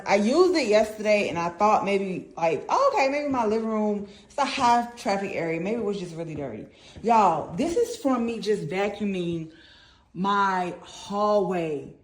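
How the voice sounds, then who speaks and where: A woman, out of breath, giving an excitable, animated product review that keeps calling out to viewers. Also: mid-range voice, unhurried.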